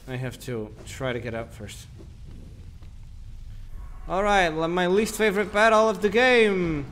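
A young man giving casual commentary while playing a game, grumbling, swearing and mocking himself. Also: high-pitched. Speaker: gaming channel host.

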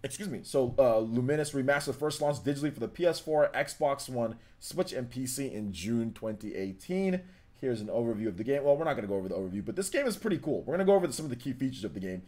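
A young man hosts a gaming livestream in a loose, chatty way. He reads viewer comments and game news aloud and fills the gaps with plenty of ums and uhs. His voice sits at an ordinary pitch for a man. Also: lively intonation, fast, darkish tone. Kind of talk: casual livestream chat.

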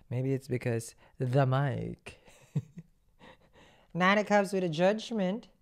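A woman's voice: low voice, animated, slow pace, long pauses. A woman giving a tarot reading in a chatty way, humming as she thinks and asking rhetorical questions. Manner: conversational, rhetorical questions, musing hums. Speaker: tarot reader.

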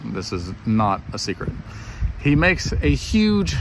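A man retelling a Bible story in relaxed everyday speech, lively and animated. His pitch rises and falls a lot, with a faint hum of noise behind him. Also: slow pace. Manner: animated and conversational. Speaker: preacher.

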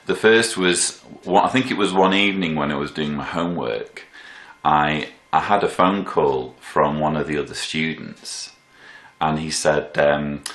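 A man in his thirties telling personal stories in a thoughtful, halting way, full of fillers and restarts. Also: extremely low pitch, a bit bright. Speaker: vlogger. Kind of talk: reflective personal storytelling. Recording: echoey room.

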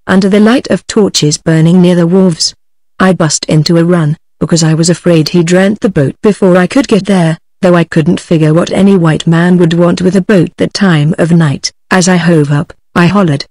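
A computer-voiced woman with a British English accent reading a story aloud in an even, synthetic delivery. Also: lowish voice, dry recording. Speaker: audiobook narrator. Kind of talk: text-to-speech book reading.

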